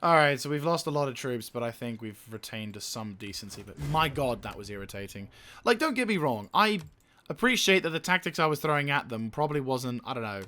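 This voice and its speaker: A young man with a bright, sharp voice talks through his strategy game. He swears freely and rants at the enemy, then drops back to muttering over menus. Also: medium pitch, animated, fairly quick, a little hiss or hum. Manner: profane, ranting, venting frustration. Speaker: gaming YouTuber. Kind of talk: let's play commentary.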